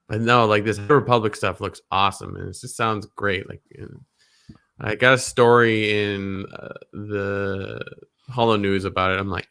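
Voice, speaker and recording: A man's voice: on the low side, normal speed, sharp tone, smooth. A man co-hosting a podcast, talking casually and with enthusiasm, packing his speech with "like" and "um". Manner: enthusiastic, heavy use of "like" and "um". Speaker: podcast co-host. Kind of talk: casual chat.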